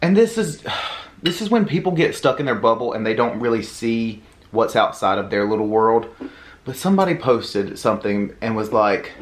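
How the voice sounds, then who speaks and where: A man with a Southern US accent, a podcast co-host, talking casually in an animated, indignant rant full of fillers. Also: mid-range voice, moderate pace. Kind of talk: casual chat. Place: home, eating at table.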